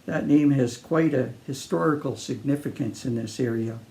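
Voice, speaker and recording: A man's voice: medium pitch, moderate pace, vocal fry, mellow, close to an everyday voice. A man voicing a tall, friendly Australian drifter who talks easily to a stranger in a breezy, chummy way.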